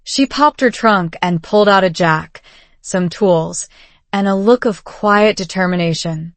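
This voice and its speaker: A woman narrating a first-person story slowly and clearly, for learners. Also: mid-range voice, dry recording. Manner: slow, clear reading for learners. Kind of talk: slow scripted story narration.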